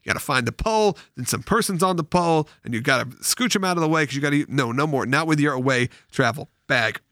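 A man who has school-age kids, hosting a podcast, chatting casually and reading sponsor ads in an animated, jokey way. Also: fairly high pitch, quick pace, dry recording, clean studio sound. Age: adult with school-age children. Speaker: podcast host. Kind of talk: casual chat and host-read ad.

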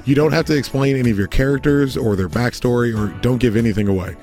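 A man co-hosting a podcast, with animated, crude joking in casual chat. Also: medium pitch, fast talker, soft background music. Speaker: podcast co-host.

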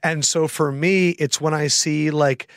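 A man in his thirties hosting a podcast, telling stories in a casual, animated way, acting out quoted voices and swearing freely. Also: fairly high pitch, measured pace, clear, resonant tone, dry recording, clean studio sound. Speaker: podcast host. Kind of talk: casual storytelling chat.

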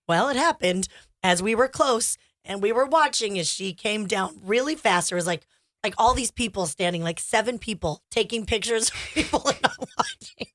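A woman co-hosting a radio talk show, chatting and telling stories in an animated way. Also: medium pitch, normal speed. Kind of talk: casual radio chat.

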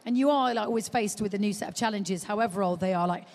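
On a live stage in a big exhibition hall, a woman with a medium-pitched voice talks quickly as a podcast guest discussing motherhood. Her storytelling is animated, complete with acted-out quotes, and the large hall lends a long reverb.

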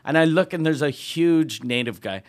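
A man telling a profane comic road story as a podcast guest, animated and laughing often. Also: a little high, normal speed. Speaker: comedian guest.

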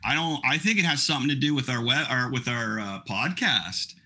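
A man's voice: mid-range voice, lively intonation, fairly quick, pushed and bright, breathy edge. A middle-aged man hosting a podcast, chatting casually in a rambling, self-mocking way. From Canada. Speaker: podcast host. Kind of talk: casual chat.

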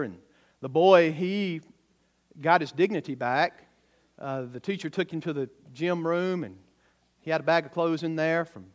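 A man preaching a sermon to a congregation, telling a story and building to emphatic exclamations. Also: fairly high pitch.

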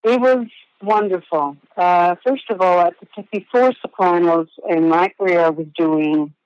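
A woman's voice: on the low side, measured pace, a little mellow, no echo. Emphatic Italian-born woman, dull lo-fi audio. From Italy. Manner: emphatic, repeats words while searching for them. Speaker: actress guest. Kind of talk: casual interview.

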